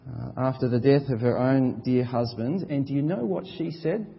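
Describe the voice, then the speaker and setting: A man preaches an earnest sermon in a husky, slightly high voice, dropping soft and then rising loud to stress his points. The sound is dull and muffled, and a long reverb trails behind every line as if he fills a large hall. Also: moderate pace. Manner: earnest, emphatic, swings between soft and loud; repeats words when stressing a point.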